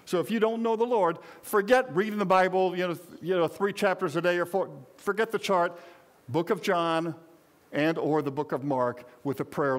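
In his sixties and with a notably high voice, this pastor delivers a loose, conversational sermon at normal speed. He jokes with the congregation and addresses them directly in a folksy tone.

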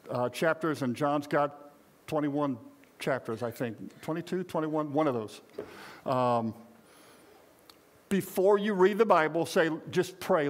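A man in his sixties preaching a conversational sermon to a live congregation, folksy and joking, often talking straight to the people in front of him. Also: a little high. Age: 60s. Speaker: pastor.

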